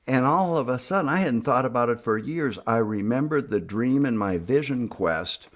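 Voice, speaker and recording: A man telling a personal story in an animated, emphatic way, acting out what people said. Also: mid-range voice, moderate pace. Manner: animated, emphatic, acts out quoted speech. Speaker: speaker on youth addiction treatment.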